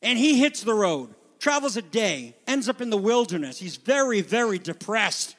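High-voiced preacher in a reverberant hall. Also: male voice, sing-song, moderate pace. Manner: dynamic preaching, drops to a hush then builds to loud exhortation. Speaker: pastor. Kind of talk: sermon.

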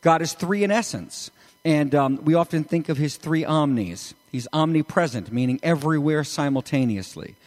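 A man preaching a sermon as pastor, animated and emphatic, with sudden rises in his voice. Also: on the high side, moderate pace, long reverb tail. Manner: animated, rising to emphatic peaks.

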